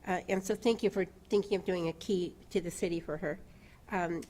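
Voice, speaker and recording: A woman's voice: lowish voice, steady tone, fairly quick, warm tone. Hesitant woman giving a council report. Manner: hesitant, many fillers. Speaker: city council member. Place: council chamber.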